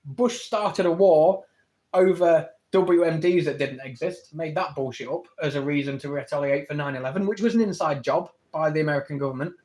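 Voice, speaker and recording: Pushing his arguments in a fast back-and-forth, an English live streamer reads out comments from his audience and answers them. He speaks in a slightly high, slightly mellow voice.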